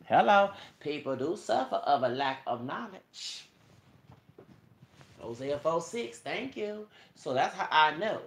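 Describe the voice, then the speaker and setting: A man's voice: a little high, sing-song, takes it slowly, roomy sound. A man delivering a preachy, profane rant straight to his viewers, quoting scripture and calling them y'all. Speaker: vlogger. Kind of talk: ranting monologue to viewers.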